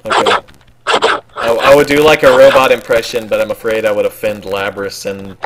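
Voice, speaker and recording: A man's voice: on the low side, flat delivery, very noisy. A young man chatting casually about a video game with friends, rambling and joking. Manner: rambling, joking, quick asides. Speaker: let's play co-host. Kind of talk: casual gaming chat. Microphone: home computer mic, online voice chat.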